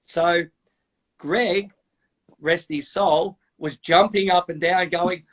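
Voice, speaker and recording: A man, a podcast host telling tattoo-shop anecdotes in a chatty, animated way. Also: high-pitched, takes it slowly. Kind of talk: casual storytelling.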